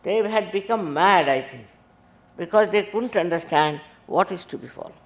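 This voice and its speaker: A woman giving a sermon-like talk as a spiritual teacher, unhurried and emphatic, scolding as she speaks, recorded in an echoey hall. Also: on the low side, expressive.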